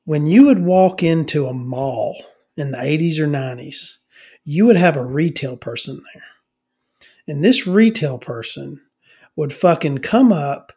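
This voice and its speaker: A man's voice: fairly high pitch, animated, measured pace, dark tone, slightly rough. A middle-aged man on a comedy podcast, ranting and rambling with constant swearing and many restarts.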